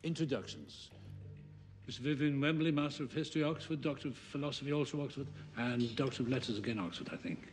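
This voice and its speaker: An eccentric older aristocrat, played by a man, talks in a brisk, dry, rambling way. His pitch sits in the middle range. Faint noise sits behind the film sound. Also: close to an everyday voice.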